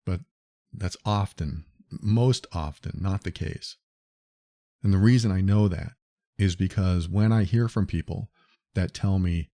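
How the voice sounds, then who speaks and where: A man's voice: low-pitched, unhurried, mellow, no room sound. A man hosting a solo podcast, talking earnestly and directly to the listener as he explains. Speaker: podcast host.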